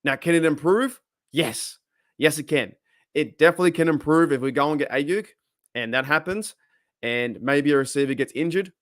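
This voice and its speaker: An Australian man hosts a casual live stream, rambling along and reading viewers' comments aloud. His voice is a little high and moderately paced, recorded dry with studio quality.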